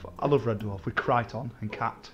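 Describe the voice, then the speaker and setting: A man's voice: mid-range voice, brisk, highs cut off. A man hosting a gaming channel, chatting casually over multiplayer gameplay, swearing a lot and laughing often.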